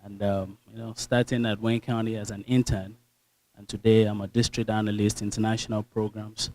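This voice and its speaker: A man's voice: on the low side, fairly quick, no echo, rough recording. Earnest Nigerian man giving a speech. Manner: earnest, animated storytelling with quoted dialogue. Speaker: speaker. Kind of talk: motivational speech.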